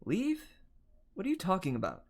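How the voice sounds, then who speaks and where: A man's voice: high-pitched, huge pitch swings, moderate pace, voice pushed up, heavily acted. A man doing an impatient teenage girl. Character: sharp-tongued clever teenage girl.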